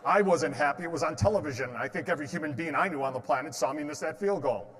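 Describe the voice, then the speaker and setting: A man's voice: fairly high pitch, quick pace, fairly bright tone, a little hiss or hum. A man in his fifties giving a motivational stage talk, telling stories and quizzing his audience with questions and jokes. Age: 50s. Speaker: motivational speaker. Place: large hall with an audience. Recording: long reverb of a large hall.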